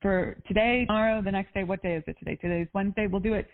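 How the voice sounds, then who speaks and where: A woman's voice: medium pitch, rapid-fire. A woman life coach on a coaching call, talking in an upbeat, encouraging and spiritual way. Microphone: phone or call line. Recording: tinny phone-line audio.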